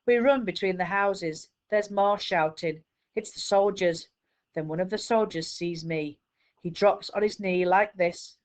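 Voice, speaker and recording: A woman teacher reads a children's book aloud, steady and clear. Her voice sits somewhat low. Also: measured pace.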